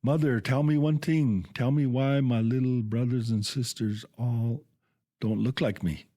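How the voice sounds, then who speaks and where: A man's voice: medium pitch, steady tone, a little slow, warm tone, close to an everyday voice. A man voicing a wild young boy raised by a toad, longing and impatient, speaking in a raised, pleading voice in a storybook reading on radio. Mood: curious.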